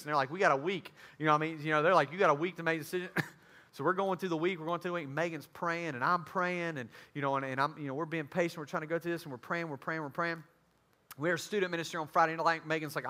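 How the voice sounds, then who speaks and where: A man's voice: on the high side, quick pace. A man, a student ministry pastor, telling a personal story in a sermon and acting out the other people in it. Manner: animated, acts out the voices of others in his story.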